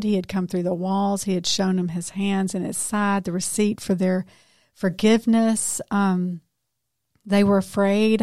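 A woman's voice: medium pitch, darkish tone, no echo, clean studio sound. A woman hosting a faith-based podcast conversation, explaining scripture in a thoughtful, teaching way.

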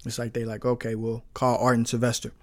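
A man in his thirties from St. Louis leans into his own origin story, filling the gaps with ums and acting out the voices of the people he dealt with. His voice sits at an ordinary pitch and sounds close and dry, with no room around it. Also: fast, dry recording. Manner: relaxed storyteller, with frequent fillers and quoted dialogue. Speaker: guest, business owner. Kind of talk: storytelling in a podcast interview.

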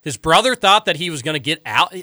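A man's voice: on the high side, no room sound, studio quality. A man hosting a talk show, reading listener texts aloud and ranting emphatically in casual chat. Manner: animated, emphatic and quick to rant. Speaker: radio talk show host.

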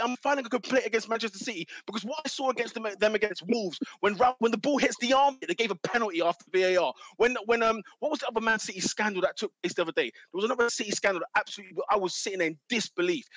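A man's voice: high voice, rapid-fire, hardly any pauses, a bit bright, no room sound. A man arguing about football, ranting and exasperated, repeating his points. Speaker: football pundit. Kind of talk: heated football argument.

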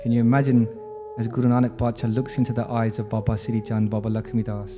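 A man's voice: mid-range voice, monotone, fast. A man preaching a devotional sermon, telling a sacred story in a reverent, intimate way. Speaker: religious teacher. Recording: faint music under reverberant room.

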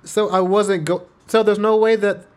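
A man's voice: high voice, flat delivery, normal speed, clear, resonant tone. A man co-hosting a casual chat, arguing back defensively and cursing. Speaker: podcast co-host.

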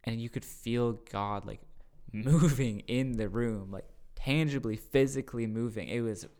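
A man, a youth pastor, telling a retreat story on a podcast in a casual, excited way, often repeating his words. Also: medium pitch, unhurried.

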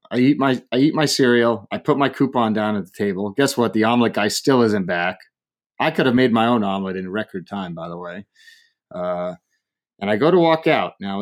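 A man telling a funny story in casual talk, acting out the people he quotes and laughing as he goes. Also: fairly low pitch. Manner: animated, acts out quoted people, laughs often.

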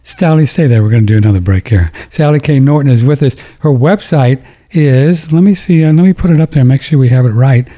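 A man's voice: mid-range voice, fairly quick, hardly any pauses, warm tone. An older man hosting a talk radio show, rambling and joking through his ad reads with many restarts. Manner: rambling, jokey, self-interrupting.

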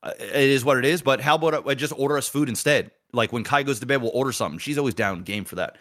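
A man co-hosting a podcast, telling a home story in casual chat, animated and full of swearing and laughs. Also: medium pitch, fast. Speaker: podcast co-host.

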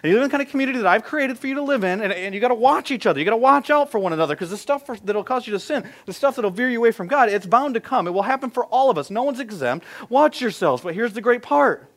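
A man in his thirties preaching a sermon as pastor, telling stories with animated swings from quiet to loud. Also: very high-pitched, fast talker, few pauses.

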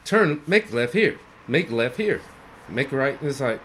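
A man co-hosting a podcast, telling a work story in a casual, animated way and acting out the dialogue. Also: mid-range voice, unhurried, slight background noise. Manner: animated, acts out dialogue, swears freely. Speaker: podcast co-host.

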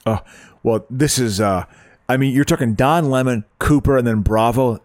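A man's voice: mid-range voice, moderate pace, no echo, studio quality. A man co-hosting a podcast in casual chat, often restarting his words and laughing easily. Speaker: podcast co-host.

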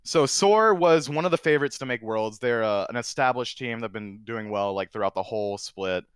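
A man guesting on a podcast, telling a competitive gaming story in a casual, animated way that gets loud and excited. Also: mid-range voice, brisk, smooth, no room sound, studio quality. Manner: excitable, animated storyteller who drifts into shouting. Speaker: guest, former console champion.

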